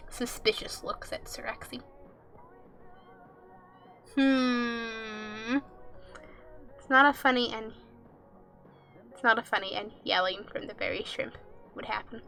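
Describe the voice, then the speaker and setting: A woman's voice: fairly high pitch, steady tone, slow pace, long pauses, bright, forceful tone, soft background music. A young woman streaming a game, chatting casually with viewers, giggling and reading game text and chat aloud.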